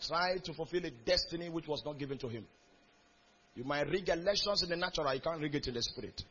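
A man's voice: a little high, fast talker, fairly bright tone, slightly rough, muffled recording. A man preaching a sermon in a church hall, reading scripture aloud and calling out questions to the congregation. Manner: reads scripture aloud in a rising, building cadence. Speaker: pastor.

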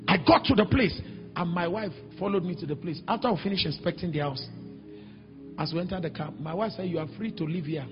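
A middle-aged man with a Nigerian accent preaching a sermon, telling stories and acting out other voices, sometimes shouting. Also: high-pitched, fairly quick. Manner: animated, acts out quoted voices, sudden shouts. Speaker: pastor. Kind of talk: sermon with storytelling. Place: large church hall. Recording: echoey hall, dull sound, faint music.

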